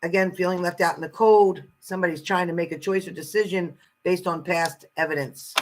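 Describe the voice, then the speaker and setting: A woman's voice: fairly low pitch, steady tone, a little fast, slight background noise, poor audio. A woman giving a casual live-stream tarot card reading, chatty and salty, greeting viewers fondly and swearing freely.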